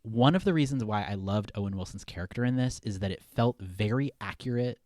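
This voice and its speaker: A young man with a fairly low voice talks loosely about a movie, filling his sentences with "like" and "um." He sounds close to the mic in a dry, deadened space. The tone is casual podcast chat. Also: fairly quick, no room sound. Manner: relaxed, rambling, lots of fillers. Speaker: podcast co-host.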